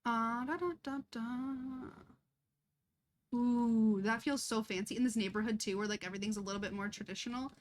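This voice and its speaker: A woman's voice: a little high, steady tone, fast, few pauses, a little hiss or hum. A young woman chatting casually and laughing often as she streams a life-sim game, chatty and self-deprecating. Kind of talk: casual live-stream chat while playing.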